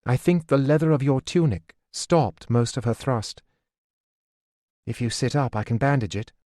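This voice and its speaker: A man reading the lines of a practical, stubborn young woman tending a wound, in a brisk, matter-of-fact way, for an audiobook. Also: mid-range voice, warm tone, no echo, clean studio sound, natural voice.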